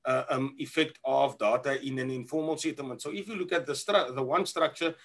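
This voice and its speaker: South african guy presenting on a zoom call, lots of ums and restarts, mid pitch. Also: fairly bright tone. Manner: halting, many fillers and restarts. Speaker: conference presenter. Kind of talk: online conference presentation. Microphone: video call.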